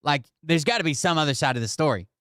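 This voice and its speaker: Blunt, sarcastic man with a smooth, dry voice. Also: on the high side, animated, fast, fairly bright tone, no room sound. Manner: blunt, sarcastic, profane asides. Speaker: commentator reacting to a clip. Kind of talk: casual reaction commentary.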